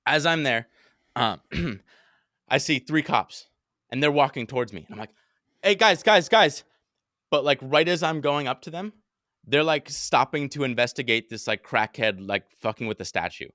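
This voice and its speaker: Bright, dry-voiced young man telling a story. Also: medium pitch, normal speed, no room sound. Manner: animated, swears often, acts out his own panicked quotes. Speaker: podcast host telling a story. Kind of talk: casual storytelling chat.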